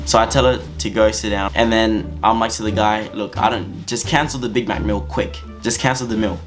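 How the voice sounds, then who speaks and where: A man telling a story-time anecdote in an animated, slangy, casual way. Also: fairly low pitch, brisk, music in the background. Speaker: vlogger.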